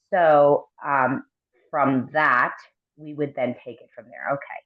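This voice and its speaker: A woman mindfulness coach explaining her practice as an interview guest, gently, with frequent ums and tag questions. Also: very deep voice. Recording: tinny phone-like line.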